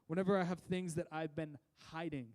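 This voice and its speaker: High-voiced man preaching a sermon. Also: fairly even intonation, brisk. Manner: conversational, with frequent restarts and voiced asides; rises and drops in loudness for emphasis. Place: church.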